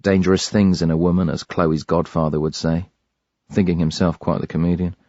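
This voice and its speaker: Man narrating an audiobook, very low voice, measured and grave, dry muffled recording. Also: little pitch movement, mellow, no room sound. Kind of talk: scripted narration.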